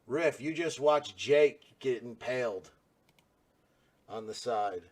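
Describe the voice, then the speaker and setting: A man's voice: medium pitch, slow, darkish tone. A man working as game master, narrating a tabletop game in a loose, rambling way with many fillers.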